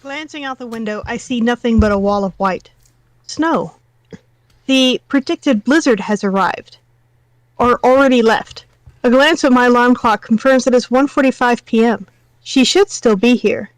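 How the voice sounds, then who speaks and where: A woman's voice: a little high, moderate pace, no room sound, low-quality recording. Woman reading a novel aloud, wry asides. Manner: reads aloud, breaking off for wry comments. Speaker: guest reader.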